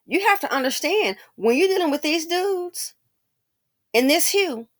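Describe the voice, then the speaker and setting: A woman's voice: very high voice, measured pace. Sassy woman commentator. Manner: animated, sassy, mimics people in quotes. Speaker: commentary channel host. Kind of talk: casual commentary.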